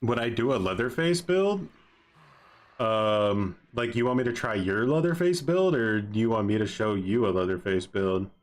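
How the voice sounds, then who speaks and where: Laid-back chatty male streamer, low voice. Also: animated, normal speed. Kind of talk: casual livestream commentary.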